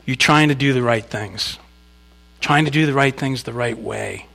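A man's voice: mid-range voice, normal speed, creaky, sharp tone. A man preaching a sermon, speaking conversationally to the congregation with asides and reading scripture with emphasis. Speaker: pastor.

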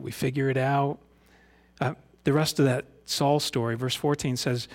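A middle-aged man preaching a conversational sermon. He reads scripture aloud and speaks in an earnest, folksy way, with frequent rhetorical questions. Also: medium pitch. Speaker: pastor.

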